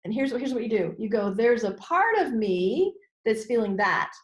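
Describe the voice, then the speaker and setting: Animated woman coach, higher voice. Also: moderate pace. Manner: expressive, acts out inner voices with sudden high exclamations. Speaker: business coach, guest. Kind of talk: animated interview talk.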